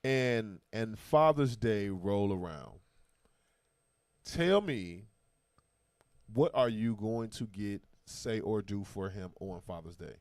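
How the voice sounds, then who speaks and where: A man with a somewhat low voice hosts a casual talk, speaking with emphatic, animated slang. The sound is dry and close, with no room echo. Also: slow. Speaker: podcast host. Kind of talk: casual chat.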